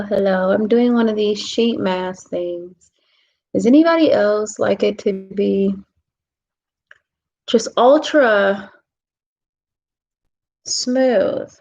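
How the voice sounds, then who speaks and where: A woman vlogger in a relaxed self-care chat, talking softly and drawing out her words, often dropping into a whisper. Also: medium pitch, muffled recording. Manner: slow, drawn-out, soft, drifting into whispers.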